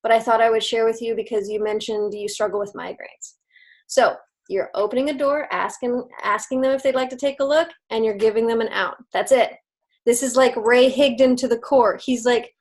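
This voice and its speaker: A woman's voice: a little high, fairly even intonation, moderate pace. A woman leading her sales team on a video call, giving casual motivational tips, upbeat and chatty with frequent laughs.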